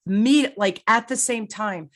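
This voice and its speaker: A woman in her sixties from Newark, New Jersey, hosting a conversational interview and telling stories with animated quoted voices. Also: fairly low pitch, moderate pace. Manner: animated storyteller who acts out quoted voices. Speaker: podcast host.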